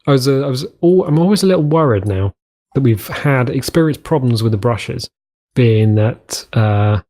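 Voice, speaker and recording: Male let's-play host, mid-pitched and mellow, loose rambling commentary with self-mocking asides. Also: animated, moderate pace. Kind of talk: casual gameplay commentary.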